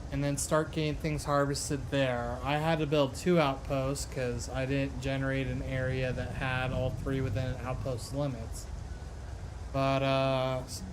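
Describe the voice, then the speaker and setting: Slow, rambling male game streamer. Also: mid-range voice, slight background noise. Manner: rambling, halting, many fillers and restarts. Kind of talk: casual gaming chat.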